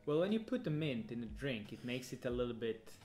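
A young man chats casually as co-host. He offers invented explanations in a dry, deadpan way, teasing his partner with mock-serious reasoning. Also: mid-range voice, fairly quick, faint music behind. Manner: jokey, deadpan made-up explanations. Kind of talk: casual chat. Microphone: handheld recorder.

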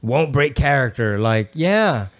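A man's voice: medium pitch, slow. A man, co-hosting a podcast in casual, slangy chat and acting out quotes. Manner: slangy, animated storytelling with put-on quotes. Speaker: podcast co-host.

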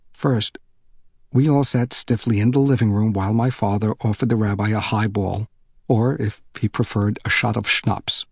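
A man narrating an audiobook in an even, unhurried storytelling manner. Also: lowish voice, husky, dry recording, clean studio sound.

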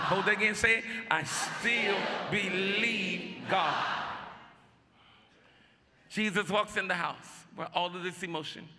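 A male pastor preaching a sermon, urging the congregation to respond out loud and shouting his exhortations. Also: medium pitch, in a large hall. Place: church sanctuary.

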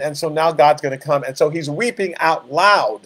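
Casting: male pastor, fairly high voice, lively teaching tone, acts out the scripture scenes. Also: moderate pace. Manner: animated, acts out scripture dialogue, rhetorical questions. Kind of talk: Bible study teaching.

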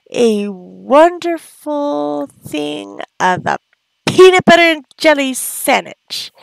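This let's play host has a high, gravelly voice, captured in a dry recording. She chats casually through the gameplay, gasping often and cooing at the characters on screen.

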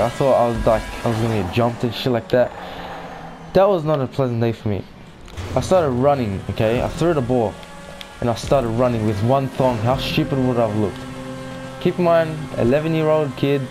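A man's voice: medium pitch, rough recording. Rambling young guy telling a story. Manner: rambling and casual, lots of fillers and swearing. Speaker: gaming channel host. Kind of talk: casual storytime vlog.

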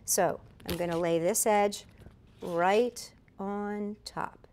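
A woman's voice: mid-range voice, steady tone, takes it slowly, darkish tone, slight background noise. A middle-aged woman giving a chatty step-by-step craft tutorial, correcting herself as she demonstrates. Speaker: craft instructor.

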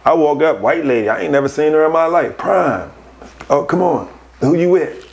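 A man, a podcast guest, telling casual stories, animated and laughing as he acts out other people's voices. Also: on the high side, moderate pace, gravelly. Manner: animated, laughs through his anecdotes. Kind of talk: casual storytelling.

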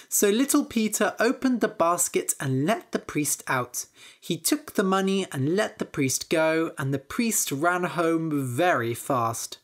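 A woman narrating a fairytale slowly and clearly for English learners. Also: fairly low pitch. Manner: slow and expressive. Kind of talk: slow, clear storybook narration.

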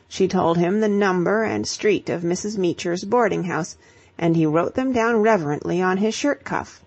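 Husky, gravelly woman narrating a novel. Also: lowish voice, moderate pace, darkish tone, muffled recording. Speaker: audiobook narrator. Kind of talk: scripted audiobook narration.

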